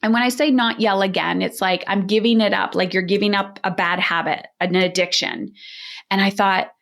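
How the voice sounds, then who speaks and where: A woman's voice: medium pitch, fairly even intonation, moderate pace, gravelly, fairly bright tone. Direct, emphatic woman parenting coach. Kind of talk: podcast interview conversation.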